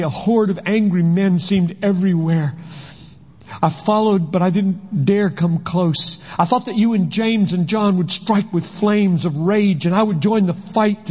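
A frightened young disciple, voiced by a man narrating a verse story, earnest and shaken. He speaks slowly with a slightly raised pitch. Long reverb hangs around every word. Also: a little mellow.

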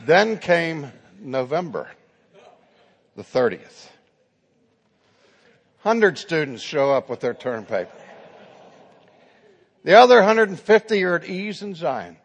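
A man's voice: fairly high pitch, very animated, slow pace, pauses often, in a large hall. A man preaching a sermon who tells his story dramatically and acts out the dialogue.

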